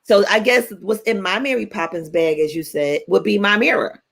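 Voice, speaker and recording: A woman in her forties, co-hosting a radio talk show and telling stories in a playful, animated way. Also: mid-range voice, normal speed, gravelly. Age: 40s. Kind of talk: casual chat.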